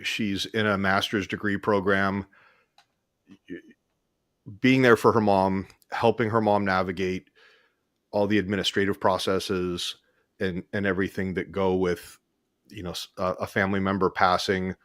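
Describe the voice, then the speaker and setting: A man's voice: sits low, little pitch movement, moderate pace, long pauses, fairly bright tone, dry recording, studio quality. A man co-hosting a casual video-call chat, telling stories with many restarts. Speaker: co-host.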